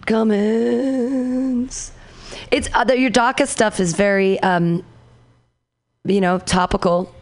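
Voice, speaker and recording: A woman's voice: on the high side, steady tone, slow. A woman hosting an open mic comedy show who gives a comic feedback in a casual, stumbling way, restarting her phrases.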